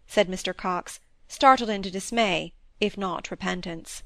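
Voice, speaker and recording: A woman reading a classic novel aloud as an audiobook narrator, in a measured storytelling manner. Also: mid-range voice, dry recording. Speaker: audiobook reader. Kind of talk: scripted narration.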